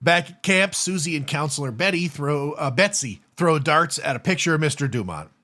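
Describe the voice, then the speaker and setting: Man recapping a film, wry and lively. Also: fairly high pitch, normal speed. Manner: recaps plot with wry asides. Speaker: podcast co-host. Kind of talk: casual movie recap chat.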